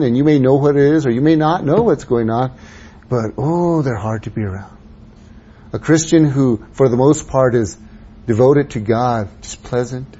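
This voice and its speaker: A man preaching a sermon, dropping to soft low asides and rising to raised, urging exhortation. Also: breathy edge. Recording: dull lo-fi sound.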